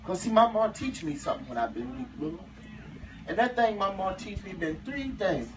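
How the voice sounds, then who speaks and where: A man's voice: high voice, animated, normal speed. A man playing an enslaved man in his thirties, telling a humorous tale to a live audience in dialect, with chuckling asides. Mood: folksy. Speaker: living history performer. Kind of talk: first-person historical storytelling to a live audience. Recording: muffled, distant, noisy live recording.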